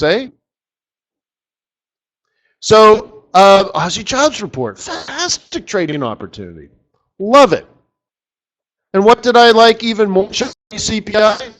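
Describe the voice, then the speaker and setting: A man hosting a live trading session, chatty and excitable, breaking into lively exclamations. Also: high-pitched. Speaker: market strategist host. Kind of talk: live trading webinar commentary.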